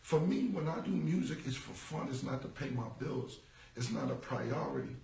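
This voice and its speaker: Gravelly man ranting on a livestream. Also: medium pitch, expressive, normal speed, roomy sound, far from the mic, a crowd in the background, poor audio. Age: 40s. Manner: rambling, repetitive street slang. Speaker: rapper. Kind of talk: casual livestream monologue. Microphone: phone.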